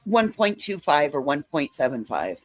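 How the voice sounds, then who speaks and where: A woman's voice: low voice, no room sound, faint music behind. Rambling woman panel guest. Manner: animated, rambling, quick asides. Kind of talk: casual chat.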